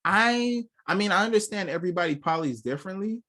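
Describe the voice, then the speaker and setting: A man's voice: high-pitched, expressive, fast talker, pushed and bright. A young man co-hosting a casual talk show, telling blunt, profane stories and acting out what others said. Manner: blunt, profane storytelling with acted-out quotes. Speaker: podcast co-host. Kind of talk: casual chat.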